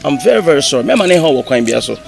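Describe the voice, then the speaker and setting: A man's voice: on the high side, very animated, quick pace, creaky, music in the background. An actor playing an earnest young royal who pleads with his fiancée and mixes Twi and English. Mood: pleading. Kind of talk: film drama acting.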